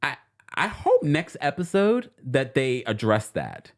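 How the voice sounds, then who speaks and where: A reality TV recap host from New York City talks at a measured pace in a mid-range voice during a casual stream. He's animated, chatty, and quick to laugh as he reads out what viewers have commented.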